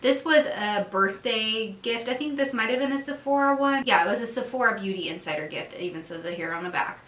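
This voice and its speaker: A woman's voice: a little high, expressive, fairly quick, a bit bright. A woman chatting casually as a beauty vlogger, reviewing products at home in a chatty, giggly way. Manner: chatty, giggly, acts out little dialogues. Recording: echoey room.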